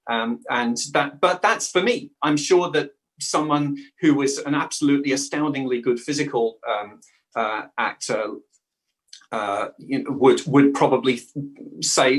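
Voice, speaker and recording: South London man, improv actor as guest, rambling and halting, mid pitch. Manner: talkative and hesitant, restarts sentences with many fillers. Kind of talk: casual interview chat.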